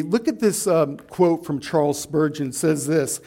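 A man preaching a sermon to a congregation, building to emphatic outbursts and slowing for weight. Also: sits high, darkish tone. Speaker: pastor. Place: church hall with a slide screen.

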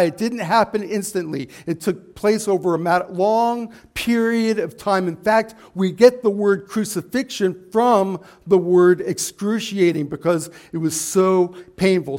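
A man preaching a sermon to a congregation, building to emphatic outbursts and slowing for weight. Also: sits high, darkish tone. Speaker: pastor. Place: church hall with a slide screen.

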